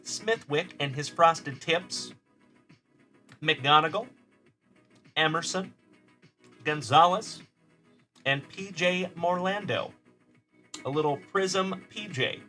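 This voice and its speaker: Upbeat, bright-voiced man hosting a livestream. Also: a little high, slow, long pauses, soft background music. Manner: upbeat and friendly, calling viewers buddy and brother. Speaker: host of a card-breaking livestream. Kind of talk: live stream chat, reading viewer comments.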